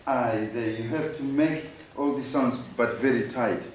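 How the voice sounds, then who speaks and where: A man, a Shona speaker, teaches a music workshop at an unhurried, deliberate pace, patiently demonstrating and having the group repeat after him. His voice is picked up from a distance in a very echoey room, with a faint hiss behind it. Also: medium pitch. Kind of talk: teaching a workshop with call-and-response.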